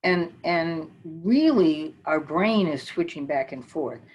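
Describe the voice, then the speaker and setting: Slow, low-voiced older woman guiding breathing. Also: breathy edge, rough recording. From northern United States. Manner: calm, counts breaths slowly. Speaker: mindfulness teacher. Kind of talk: guided meditation talk.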